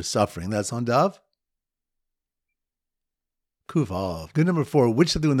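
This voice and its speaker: A man teaching a daily Talmud lesson, telling repeated memory stories and running a quiz, in a lively storytelling manner. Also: medium pitch, slightly rough, dry recording, clean studio sound.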